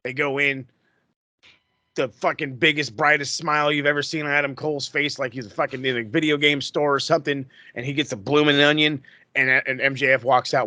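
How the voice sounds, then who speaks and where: A man hosting a podcast, recapping in a casual, excitable, profane way that rambles. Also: fairly high pitch, a little fast, no echo. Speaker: podcast host.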